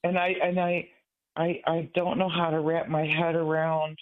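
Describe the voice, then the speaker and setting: Casting: older male caller from Michigan, earnest and rambling, slightly high voice, phone-line sound. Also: level tone, moderate pace. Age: 60s. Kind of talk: call-in radio talk.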